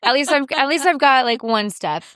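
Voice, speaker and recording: A woman's voice: high-pitched, lively intonation, moderate pace, fairly bright tone, no room sound, studio quality. A woman guest in a casual interview, chatting and often quoting herself and others. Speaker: reality TV guest.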